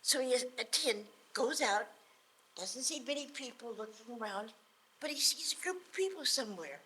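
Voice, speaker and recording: A woman tells a folk tale aloud in a loose, conversational way and often repeats a word before going on. Her voice sits fairly high. She narrates casually for a live audience. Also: lively intonation, moderate pace, pushed and bright, poor audio. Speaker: storyteller. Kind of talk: live oral storytelling.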